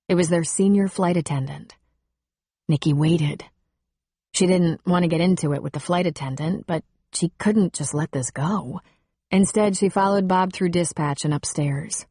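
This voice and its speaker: A woman with a lowish voice narrates an audiobook in a steady, wry way. She sits close to the microphone, and the recording is completely dry. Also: a little slow, creaky, breathy edge, no room sound.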